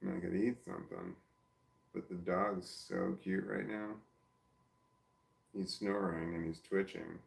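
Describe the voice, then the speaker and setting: A man's voice: sits low, level tone, measured pace, gravelly, long pauses. A man talking casually and self-reflectively to his camera, rambling, trailing off and restarting his sentences. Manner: soft baby-talk to his dog. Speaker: vlogger. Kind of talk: casual personal vlog. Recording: roomy echo.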